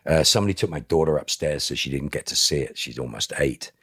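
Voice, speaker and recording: Low husky man telling a story bluntly. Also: lively intonation, quick pace, fairly bright tone, dry recording, clean studio sound. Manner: blunt, emphatic, swears, acts out quoted speech. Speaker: podcast guest. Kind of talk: emotional storytelling.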